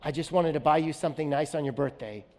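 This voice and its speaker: A man's voice: a little high, fast talker, darkish tone, in a large hall, natural voice. A man voicing a sweet nine-year-old girl in a story told in a sermon, speaking in an earnest, pleading way. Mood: tender.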